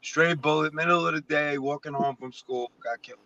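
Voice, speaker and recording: A man talking loudly and emphatically in a casual chat, calling in. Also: a little high, steady tone, brisk, dull audio, a crowd in the background. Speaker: caller.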